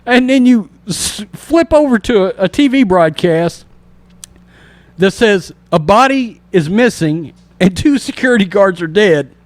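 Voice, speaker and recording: A man hosting a casual horror movie review podcast, retelling scenes with animated energy and acting out sound effects and reactions. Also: high-pitched, measured pace, dry recording. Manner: animated storyteller, imitates sounds and acts out reactions. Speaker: podcast host.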